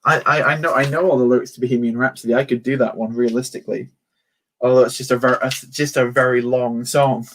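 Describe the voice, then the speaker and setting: A man's voice: mid-range voice, steady tone, quick pace, a bit bright, slight background noise. A man chatting casually on a livestream while building a toy set, joking and poking fun at himself. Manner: chatty, joking, self-mocking.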